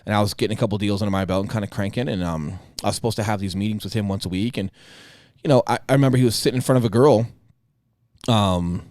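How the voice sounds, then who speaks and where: A man in his thirties talks fast and bluntly on a podcast, swearing freely and acting out the people in his story. His voice is dry and close, with no room sound around it. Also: on the low side, darkish tone, dry recording. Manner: blunt, profane storytelling with reenacted dialogue. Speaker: podcast co-host. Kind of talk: casual chat.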